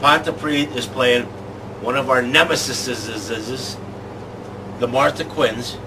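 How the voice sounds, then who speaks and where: A man hosting a comic sports show, talking in excitable rants. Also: medium pitch, slow. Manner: excitable, ranting. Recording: distant mic with clear background noise.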